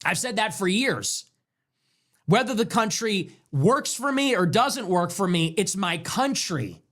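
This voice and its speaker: Speaking at a measured pace, an American man hosting a show launches into a fiery political monologue, declaiming with passion and driving home rhetorical questions again and again. His voice sits high and a bit bright, with lively intonation.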